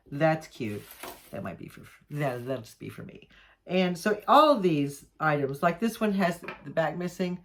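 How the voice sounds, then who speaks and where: Excited woman vlogger, slightly low voice, gushing unboxing chat with lots of restarts. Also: moderate pace, a little hiss or hum. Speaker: jewelry maker unboxing mail. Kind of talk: casual unboxing vlog chat.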